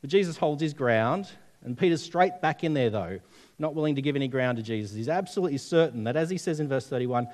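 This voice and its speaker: A man's voice: mid-range voice, animated, quick pace, a little mellow. A man preaching a sermon, telling stories and asking the congregation questions. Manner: storytelling, conversational, asks the audience questions.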